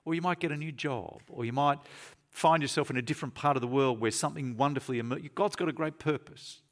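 A man preaching a sermon in a church, emphatic, repeating key phrases and slowing down to stress them. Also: medium pitch, a bit bright.

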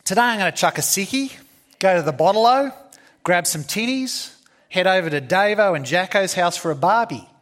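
A laid-back Aussie bloke rattles off local slang in a cheery, raised voice , as a man acts him out. He has a broad Australian accent and a casual, easygoing lilt, pitched a touch higher than usual. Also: animated, normal speed, fairly bright tone. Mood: breezy.

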